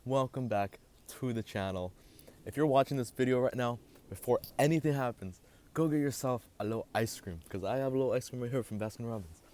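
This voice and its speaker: A young man hosting a casual storytime vlog, animated and swearing as he gets heated. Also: medium pitch, fairly quick. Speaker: vlogger host.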